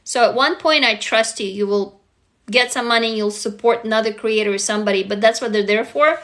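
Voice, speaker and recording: A woman's voice: on the high side, a little fast, fairly bright tone. A woman from Russia hosting a casual livestream, talking frankly and answering viewers' comments as she goes. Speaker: livestream host.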